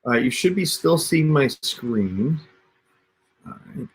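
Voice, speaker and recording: A man's voice: on the high side, lively intonation, takes it slowly. A man hosting a casual livestream tutorial, talking viewers through steps on screen in a chatty way over a computer mic. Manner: chatty, addresses viewers as you guys. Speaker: host.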